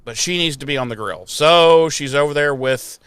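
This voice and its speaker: A man hosting a podcast, casually retelling an episode with animated mocking voices for the characters and plenty of swearing. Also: a little high, normal speed, clear, resonant tone, no room sound. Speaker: podcast host.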